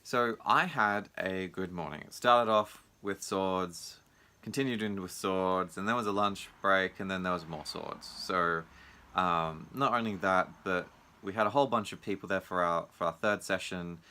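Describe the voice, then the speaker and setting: A man's voice: low-pitched, moderate pace, sharp tone. A man, a martial arts teacher, talking casually and reflectively in his own video diary, acting out what other people say. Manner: musing, acts out other people's lines in raised voices.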